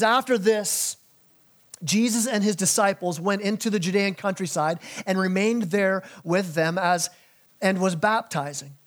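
High-voiced animated male pastor. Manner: animated, acts out biblical figures in casual modern speech; drops low and slow for key lines. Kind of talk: sermon.

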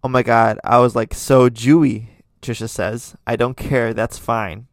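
A man's voice: medium pitch, flat delivery, a little slow, dry recording. Chatty man with a dry close voice. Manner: chatty, many fillers and restarts, opinionated asides. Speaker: podcast host. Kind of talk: casual commentary reading tweets.

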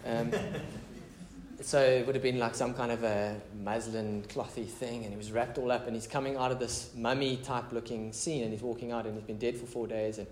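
A man's voice: medium pitch, level tone, moderate pace, darkish tone, reverberant. A man preaching a casual, conversational sermon as pastor, mixing prayer, scripture reading and chatty asides.

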